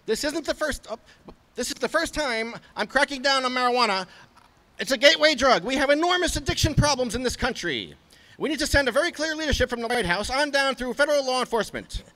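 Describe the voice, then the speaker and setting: A shrill, pompous old-time lawman lecturing in a stern, high voice, as a man mocks him. The voice is bright and lively, bouncing up and down. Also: quick pace, exaggerated voice, low-quality recording. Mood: mocking. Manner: high mocking put-on voice. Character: pompous old-time male drug-war official, stern.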